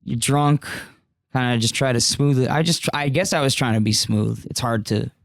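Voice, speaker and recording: A man's voice: mid-range voice, fairly quick, creaky, dry recording, clean studio sound. A young man telling a party story in casual chat, rambling and profane, full of fillers. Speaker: podcast guest.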